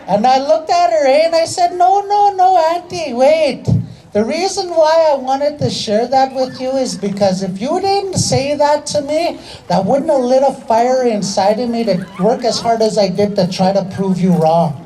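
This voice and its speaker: A man's voice: extremely high pitch, expressive, moderate pace, warm tone, slight background noise, rough recording. A man telling a comedy story on an outdoor stage, chatty and hyping up the crowd, often adding "eh". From Canada. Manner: chatty, tags lines with "eh", hypes the crowd. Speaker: stand-up comedian and rapper. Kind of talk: stand-up storytelling.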